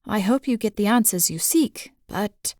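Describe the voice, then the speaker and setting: A woman voicing a formal older male butler in an audiobook, speaking in measured, deferential tones. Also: mid-range voice, darkish tone, no echo, studio quality, close to an everyday voice.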